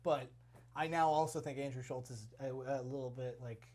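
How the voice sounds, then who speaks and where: A man's voice: medium pitch, steady tone, normal speed, darkish tone. A young man co-hosting a casual podcast, joking loosely and swearing often. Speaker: podcast co-host. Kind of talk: casual chat.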